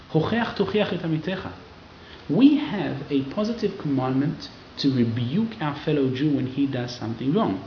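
A man giving a lively Torah class to a live audience, acting out quoted people in raised voices. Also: mid-range voice, slight background noise. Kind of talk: lively sermon-style Torah lecture. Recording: roomy, slightly dull hall recording.

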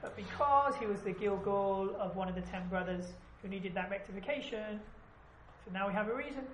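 A woman's voice: mid-range voice, fairly quick. A woman teaching an informal class, chatty and often asking "right?" as she explains. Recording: echoey room, background noise.

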